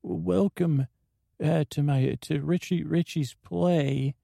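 A man's voice: on the high side, fairly even intonation, slow, creaky, dark tone, dry recording, studio quality, voice pushed up, exaggerated voice. A man putting on a chirpy folksy goof. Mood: chirpy host. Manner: folksy, chirpy, says buckaroos and bucko. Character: goofy cheery grown man, folksy and eager. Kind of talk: improvised comedy scene.

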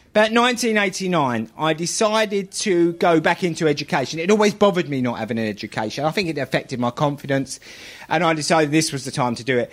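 A middle-aged man with a Cockney accent, telling a stand-up comedy routine in a chatty, storytelling way on a theatre stage. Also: fairly high pitch. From London. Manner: chatty storyteller, laughs at his own jokes. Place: theatre stage with a laughing audience.

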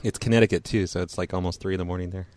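A man's voice: sits low, fairly even intonation, very fast, a little mellow, slight background noise. A man hosting a prank call show, chatting casually and hesitantly as he reads out details. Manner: hesitant, fillers and restarts, chuckling. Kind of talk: casual banter.

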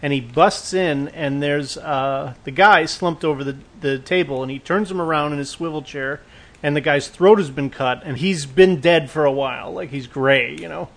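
A man's voice: fairly high pitch, normal speed. A man co-hosting a horror review podcast, chatting casually and chiming in with plot details. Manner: chatty, laughs often, chimes in. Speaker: podcast co-host. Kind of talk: casual recap chat.

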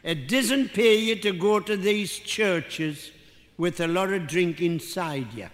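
This is an older stand-up comedian from North East England with a Geordie accent, rambling through self-mocking material and bantering with his audience. His voice sits high and moves at a slow pace. Slight background noise and a faint crowd ambience fill the live hall.

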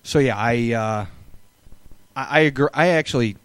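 A man co-hosting a live sports podcast, giving measured analysis with hedging fillers. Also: mid-range voice, clear, resonant tone, no room sound. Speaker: podcast co-host. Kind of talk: casual sports chat.

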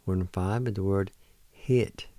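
A man hosting a radio language lesson who patiently spells words out letter by letter and sounds out each syllable, gently encouraging learners not to give up. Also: low voice, steady tone, takes it slowly, no room sound. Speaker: radio host teaching language.

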